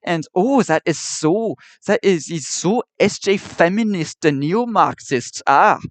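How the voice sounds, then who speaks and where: Man mimicking a sneering, drawn-out bigot. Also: lively intonation, no room sound. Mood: mocking. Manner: slow, drawn-out, high mocking sing-song.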